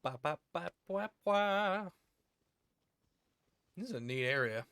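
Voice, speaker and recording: A man's voice: high-pitched, expressive, takes it slowly, pushed and bright, clear, resonant tone, no room sound. A man streaming a game, chatting casually with crude jokes and rambling asides. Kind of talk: casual gameplay commentary.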